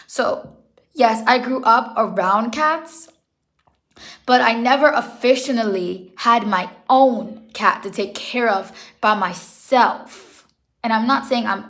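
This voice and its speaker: A woman's voice: on the high side, fairly bright tone. A young woman talking casually in a vlog, earnest and rambling, correcting herself as she goes, emotional and holding back tears. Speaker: pet vlogger.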